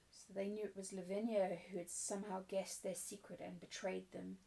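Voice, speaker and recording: A woman reads a novel aloud at a steady, even pace, now and then stumbling and restarting a word. Her voice sits a little back from the microphone. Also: medium pitch, moderate pace, gravelly, few pauses, recorded from a distance, low-quality recording. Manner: steady reading with small restarts. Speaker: audiobook reader.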